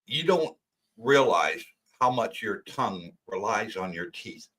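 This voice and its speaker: A man's voice: on the low side, animated, a little slow, breathy edge, rough recording. An older man with a lisp and a sore throat, chatting casually as co-host of a livestream. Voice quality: lisp from missing teeth. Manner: warm thanks to viewers, chatty.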